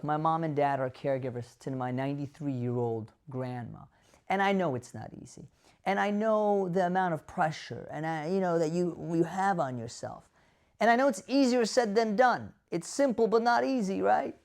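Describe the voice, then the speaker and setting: Addressing dementia caregivers directly on camera, this male doctor is animated, throwing out rhetorical questions and performing the voices of people he quotes. His voice sits high.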